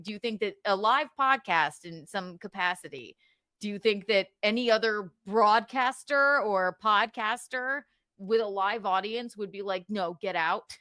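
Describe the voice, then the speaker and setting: A woman's voice: medium pitch, sharp tone, dry recording, studio quality. A woman in heated casual podcast chat, retelling a story in a profane, defensive and rambling way.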